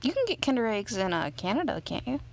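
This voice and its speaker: A playful woman hosts a casual game stream, her voice a touch high and swinging widely up and down. She teases and jokes easily, keeping the chat light. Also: sing-song, fast talker. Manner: playful, teasing, jokey. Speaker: host. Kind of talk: casual chat while playing a mobile game.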